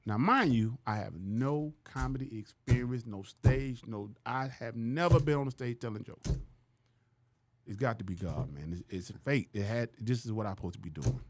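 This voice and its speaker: A man's voice: mid-range voice, normal speed, noisy background. A man from Louisiana, a comedian guest telling stories in casual slang and acting out the people in them. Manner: animated, slangy, acts out the people he quotes. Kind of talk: casual storytelling on a podcast.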